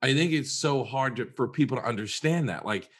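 A man's voice: medium pitch, a little fast, husky. A man, a therapist co-hosting a podcast, telling a personal story in an earnest, conversational way and repeating words for emphasis.

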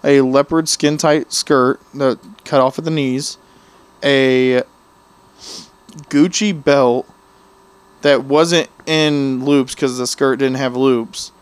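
A man's voice: mid-range voice, slow pace, smooth. A man co-hosting a podcast, rambling through casual stories and acting out quoted people. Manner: rambling, animated storytelling with quoted voices. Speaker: podcast co-host. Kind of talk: casual chat.

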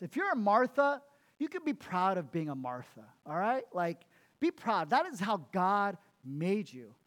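A man preaching a sermon as pastor, emphatic, repeating words and laughing at himself. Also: high-pitched.

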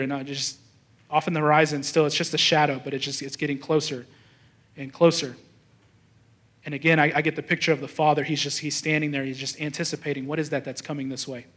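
With a fairly high, slightly bright voice, a young adult pastor preaches a sermon built on casually told stories. He acts out the thoughts of the people in them, restarting often as he goes.

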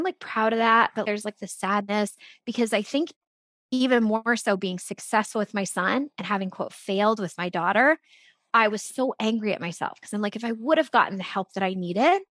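Earnest, animated woman telling her story. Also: medium pitch, dry recording. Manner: earnest and animated, frequent "like" fillers. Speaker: podcast guest. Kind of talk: candid conversational storytelling.

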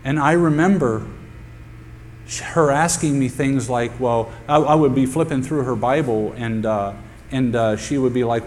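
A man's voice: mid-range voice, normal speed, a little mellow. A male pastor preaching a sermon to his congregation, emphatic and repeating key phrases for effect. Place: church sanctuary with a congregation. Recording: long hall reverb with faint hum.

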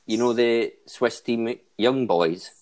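A man's voice: medium pitch, slow pace, darkish tone. A man hosting a casual football chat, cracking pun-filled jokes and laughing at them. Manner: jokey, laughs at his own puns. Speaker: podcast host. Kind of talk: casual chat with joke segments.

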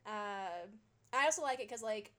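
A woman's voice: mid-range voice, lively intonation, normal speed, fairly bright tone. A young adult woman co-hosting a podcast, talking casually with lots of fillers and laughter. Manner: chatty, laughs often, many fillers. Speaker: podcast co-host. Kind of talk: casual chat.

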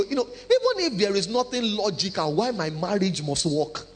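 Animated pastor preaching. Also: male voice, high voice, normal speed. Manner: animated preaching with humor and acted-out quotes. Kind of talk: sermon.

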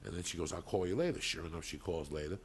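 Gravelly low-voiced man telling a profane story. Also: fast, slight background noise. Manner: profane, rambling, animated storytelling. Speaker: podcast co-host. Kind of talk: casual storytelling.

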